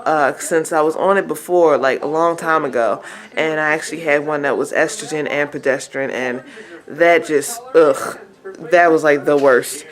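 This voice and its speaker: Chatty young woman vlogger, lowish voice. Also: fairly even intonation, moderate pace. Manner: chatty, laughs often, apologetic asides. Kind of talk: casual vlog storytelling. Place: at home with her baby beside her.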